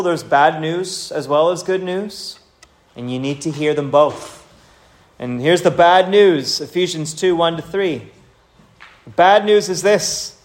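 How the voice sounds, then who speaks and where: Earnest preacher, male, slightly high voice, exhorting delivery, roomy echo. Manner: earnest, exhorting, rises and falls for emphasis. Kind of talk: sermon. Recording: echoey room.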